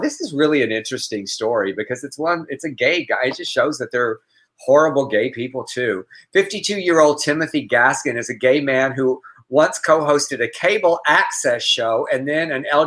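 A man's voice: mid-range voice, a bit bright. A man co-hosting a casual news commentary show, chatty and exasperated, with profane asides. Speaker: podcast co-host.

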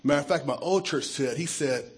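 A man who is a pastor, giving an earnest and emotional testimony sermon, his voice dropping soft when he is moved. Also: on the high side, a little fast, husky.

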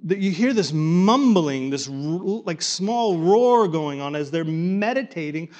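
A man teaching a Bible study class to a live group, animated, often repeating and restarting his words and coaxing the group to join in. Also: on the high side, takes it slowly, highs cut off.

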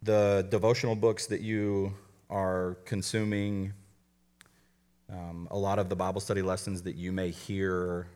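A man's voice: low-pitched, darkish tone. A man preaching a sermon as a college pastor to a live church audience, talking conversationally with frequent restarts and joking asides. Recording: long hall reverb.

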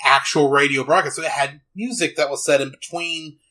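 A man co-hosting a podcast, chatting casually and rambling with quick asides and restarts. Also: fairly high pitch, steady tone, bright, forceful tone, poor audio. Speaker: podcast co-host. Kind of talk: casual chat.

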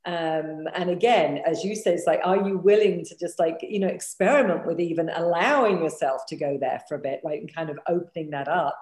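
A woman's voice: on the low side, a little fast, few pauses, a little mellow. A woman hosting a podcast interview, talking in an affirming, encouraging way. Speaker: podcast host. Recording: echoey room.

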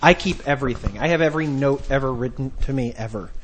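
A man in his thirties hosting a podcast, telling a story in a rambling, halting way with many restarts. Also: medium pitch, a little hiss or hum. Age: 30s. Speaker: podcast host. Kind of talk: casual podcast chat.

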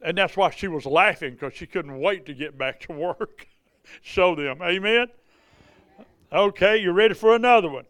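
A man with a high-pitched, fairly bright voice recounts healing testimonies at a moderate pace. As a revival preacher at the pulpit, he's folksy and conversational, repeating phrases and beginning again. The recording is dry and of studio quality.

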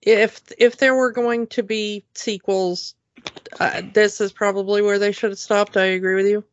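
A woman's voice: mid-range voice, fairly even intonation, moderate pace, dry recording, lo-fi sound. A woman co-hosting a podcast in casual chat, agreeable and brief. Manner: agreeable, short replies. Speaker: podcast co-host.

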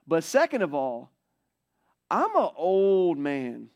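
A man's voice: a little high, wildly swooping pitch, slow pace, lo-fi sound, full character voice. A man voicing an old priest who doubts he can have a child, speaking with exasperated insistence. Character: worried old male priest, realist.

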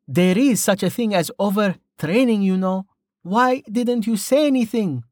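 A male narrator voices a caring young woman healer who scolds bluntly; the voice heard is a woman's, mid-range and raised above the performer's natural pitch while staying close to an everyday voice. The recording is dry and studio-clean.

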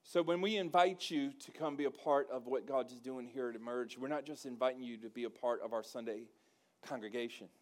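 Delivering a sermon at a fairly quick clip, a male pastor with a medium-pitched voice jokes in a folksy way and calls out to the congregation. He builds to loud, emphatic preaching with call-and-response.

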